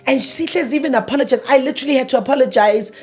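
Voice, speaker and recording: Woman, thirties, high voice, husky, grieving, emotional, retells arguments as quoted dialogue, interview storytelling. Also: very fast, faint music behind. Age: 30s. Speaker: interview guest.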